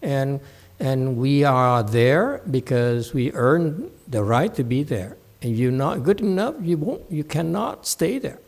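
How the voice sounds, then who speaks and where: A man's voice: mid-range voice, big pitch swings, takes it slowly, darkish tone. A man giving a Buddhist dharma talk at a temple, blunt and scolding, mocking his students' whining. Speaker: meditation teacher.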